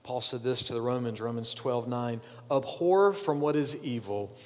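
A man preaching a sermon as a pastor, swinging from loud urging to hushed pleading and repeating words for weight. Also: mid-range voice, normal speed, big-room sound.

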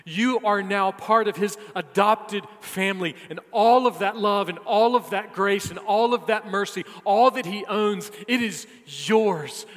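A man delivering a sermon in a high, unhurried voice that drops from ringing emphasis to near-hushed repetition. His words hang in a long, echoing hall reverb. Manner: emphatic, repetitive, slow deliberate delivery, swinging from loud to hushed. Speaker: preacher.

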